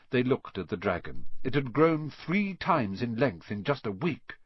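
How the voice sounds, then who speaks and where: A man narrates a children's storybook in a husky, lively voice that swings expressively. The recording is dry and somewhat dull. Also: medium pitch, unhurried, hardly any pauses, no echo. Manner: expressive, voices each character. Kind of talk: storybook reading.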